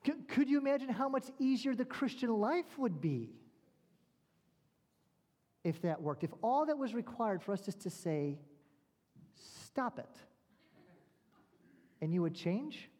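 Male pastor, sermon delivery, deliberate pauses, rhetorical questions, long hall reverb. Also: very high-pitched, big pitch swings, warm tone.

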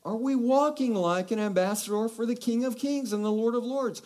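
A man preaching a sermon from Texas, animated and exhorting, asking the congregation rhetorical questions. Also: extremely high pitch, moderate pace. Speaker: pastor.

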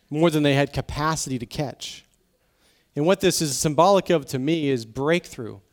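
Emotional pastor preaching casually. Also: male voice, on the high side. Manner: conversational preaching, acts out quoted voices; emotional, drops to soft intense tones. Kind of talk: sermon.

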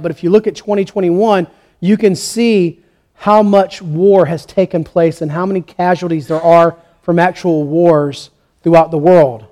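A male pastor praying and then preaching a sermon, telling a story with rising, animated energy. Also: high-pitched.

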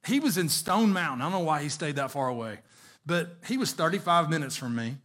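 A preacher with a fairly high voice delivers his sermon. He mixes lively anecdotal storytelling and chuckles with earnest exhortation, drawing out key words. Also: brisk.

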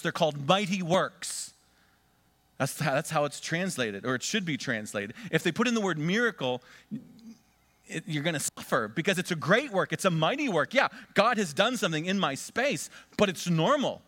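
Emphatic male pastor preaching. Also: high-pitched. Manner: emphatic, swings between loud stresses and quiet asides; leads congregation in call-and-response repetition. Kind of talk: sermon.

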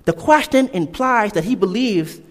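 A man preaches with emphatic energy, repeating his key points and slipping into casual asides. His voice sits a little high and rises and falls a lot. It rings out with the long reverb of a large hall. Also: animated, normal speed. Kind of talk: sermon.

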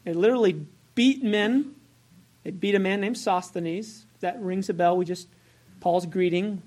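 Brief: female preacher, mid-pitched, conversational sermon, poses questions, self-corrects. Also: moderate pace, a little mellow. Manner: conversational, asks the congregation questions; self-correcting as she goes.

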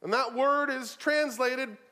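A man preaching a sermon in an animated way, swinging from loud emphasis to quiet asides and often repeating words. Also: very high-pitched, slow.

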